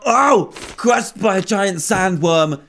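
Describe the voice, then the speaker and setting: A young man giving playful, excitable gameplay commentary, often exclaiming as he plays. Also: fairly high pitch, moderate pace, background noise. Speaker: gaming video host.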